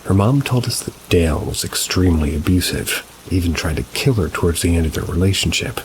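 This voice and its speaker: A man calmly narrating reader-submitted paranormal stories, adding brief asides of his own. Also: low-pitched, fairly quick, noisy background. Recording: rain sounds mixed behind the voice. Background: steady rain ambience.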